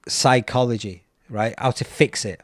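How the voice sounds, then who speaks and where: A British man, a podcast host, telling a personal story in a casual, animated way, acting out the voices of people he quotes. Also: mid-range voice, normal speed, no echo, studio quality. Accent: British English. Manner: animated, acts out quoted voices, repeats words.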